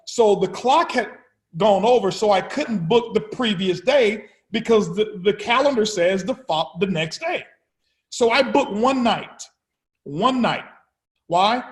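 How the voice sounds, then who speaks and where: A man speaking to his business partners as company founder, telling energetic motivational stories, often repeating words and acting out conversations. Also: high voice, reverberant. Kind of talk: motivational storytelling speech.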